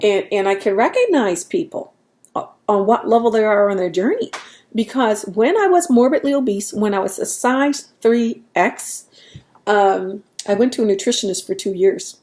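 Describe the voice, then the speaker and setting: A woman's voice: mid-range voice, expressive, normal speed, darkish tone. A woman talking in a casual, rambling way at home, laughing at herself as she goes. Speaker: vlogger. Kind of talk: casual chat.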